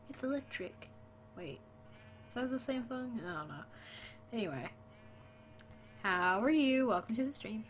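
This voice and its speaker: A woman's voice: fairly high pitch, lively intonation, measured pace, long pauses, a little hiss or hum. A woman streaming a game late at night, tired and chatty, talking to her viewers and her dog. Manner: sleepy, chatty, talks to chat and her dog. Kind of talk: casual gaming stream chat.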